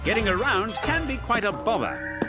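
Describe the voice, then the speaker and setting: A pompous, easily flustered professor in an animated ad. His pitch swings widely as he lectures in a formal, prim manner, slightly high. Music plays underneath. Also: normal speed. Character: fussy pompous British male professor. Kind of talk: animated ad voice acting.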